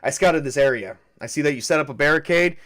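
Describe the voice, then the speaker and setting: A man's voice: fairly high pitch, quick pace, a bit bright, close to an everyday voice. A man voicing a brash, domineering middle-aged army sergeant who gives orders and takes command. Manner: bossy and commanding.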